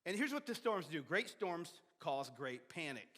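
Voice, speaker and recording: High, bright-voiced male preacher in a reverberant church. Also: moderate pace. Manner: animated preaching with sudden shouts and soft drops; repeats and restarts words. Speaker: pastor. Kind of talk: sermon. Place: church sanctuary. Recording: long hall reverb of a church sanctuary.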